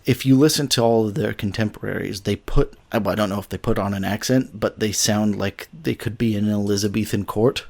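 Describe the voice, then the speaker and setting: A low-pitched man hosting a casual music podcast. He talks with eager enthusiasm and strings his thoughts together with frequent "like"s. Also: fairly even intonation, a little fast, creaky, hardly any pauses, a little mellow. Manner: enthusiastic, thinks aloud with "like" fillers.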